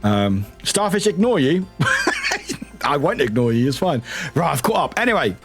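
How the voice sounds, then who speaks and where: A man's voice: a little high, wildly swooping pitch, unhurried, fairly bright tone, husky, soft background music. A man streaming live, chatting casually and greeting viewers in a chaotic, giggly, self-mocking way, swearing casually.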